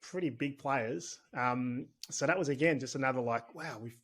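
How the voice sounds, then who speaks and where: Talking at a moderate pace in a mid-range, somewhat bright voice, this Australian man is a business owner guesting on a podcast. The interview is casual and conversational, and he's chatty, candid, and rambling.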